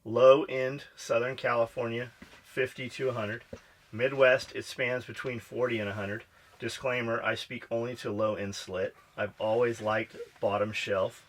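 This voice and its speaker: A man's voice: medium pitch, flat delivery, a little slow. A man co-hosting a podcast, chatting casually and profanely, joking and reading out listener comments. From Pennsylvania. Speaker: podcast co-host. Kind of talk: casual chat.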